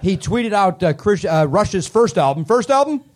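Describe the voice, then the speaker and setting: A man hosting a live comedy show on a club stage, teasing the audience with quick sarcastic riffs. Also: high-pitched, animated. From Canada. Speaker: comedy podcast host. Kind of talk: live comedy crowd work.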